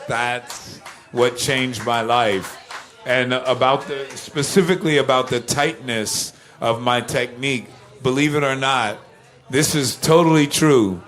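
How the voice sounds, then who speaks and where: An older man, a musician guest in an interview, telling animated anecdotes with laughter and acting out other people's voices. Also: medium pitch, background noise. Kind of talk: casual interview storytelling.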